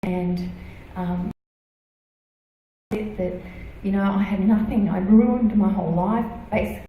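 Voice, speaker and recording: A middle-aged woman giving a personal testimony in church, halting, with many fillers and restarts. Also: medium pitch, fairly even intonation, phone-quality sound, slight background noise. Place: church hall. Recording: echoey hall, voice from far off.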